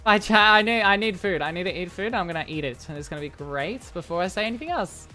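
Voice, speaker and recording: A young woman talks to her stream chat in a loose, playful ramble. She jumps from topic to topic and jokes at her own expense, while soft music plays quietly behind her. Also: on the low side, animated, fast. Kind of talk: casual live-stream chat. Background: faint music.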